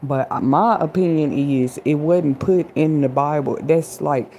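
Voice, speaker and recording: A woman's voice: low voice, unhurried, vocal fry, hardly any pauses, warm tone, slight background noise. A woman hosting an inspirational livestream, talking casually and a bit preachily straight to her chat audience. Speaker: livestream host.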